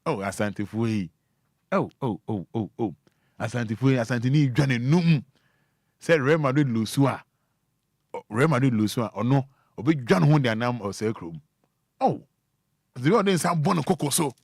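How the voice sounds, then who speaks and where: A man's voice: medium pitch, husky, no room sound, studio quality. A man hosting a radio show, chatting casually and animatedly with teasing asides. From Ghana. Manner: animated, teasing, breaks into drawn-out sounds. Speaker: radio host.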